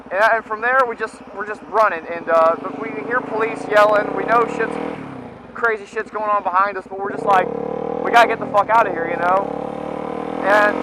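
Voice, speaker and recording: Guy moto vlogging, high voice, swears a lot, rambles on, loud traffic around him. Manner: rambling, profane, animated retelling. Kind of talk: casual storytelling. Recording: loud traffic and engine noise.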